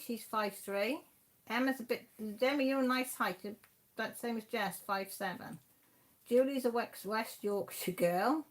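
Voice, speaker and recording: Chatty Welsh woman in her fifties. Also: on the high side. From Wales. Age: 50s. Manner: chatty, laughs often, reads out names from the chat. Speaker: livestream host. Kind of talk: casual chat reading viewer comments.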